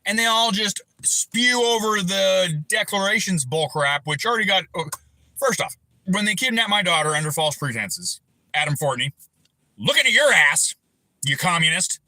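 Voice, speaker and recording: A man's voice: sits high, lively intonation, normal speed, no room sound, poor audio. Furious profane man ranting. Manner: heated, profane, shouting bursts. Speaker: livestream host. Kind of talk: angry personal rant on a livestream.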